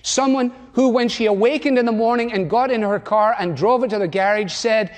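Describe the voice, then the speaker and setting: A man's voice: high-pitched, a little fast, hardly any pauses. A man in his sixties preaching a sermon, firing rhetorical questions and hammering points home through repetition. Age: 60s. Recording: long hall reverb.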